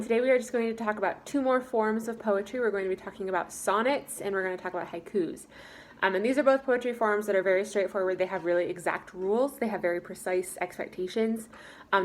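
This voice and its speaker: A woman's voice: mid-range voice, slight background noise. A young woman with an American accent teaching a class, upbeat and explaining step by step with frequent ums. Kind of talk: recorded class lesson.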